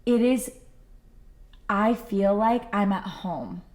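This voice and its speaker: A woman's voice: medium pitch, slow, a little mellow. A young adult woman, a singer guest on a podcast, talking earnestly and from the heart with lots of "like" fillers. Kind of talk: casual podcast chat.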